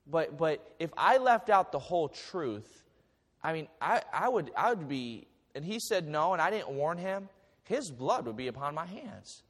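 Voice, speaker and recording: A man's voice: fairly high pitch, sing-song, a little slow, long reverb tail. A man in his forties preaching a sermon as pastor, telling a story with stammered restarts and light jokes. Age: 40s.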